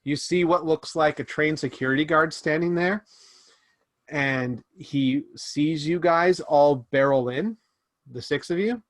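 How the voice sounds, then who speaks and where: A man running a tabletop game as game master, narrating scenes with quick restarts and fillers. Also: on the high side, no echo.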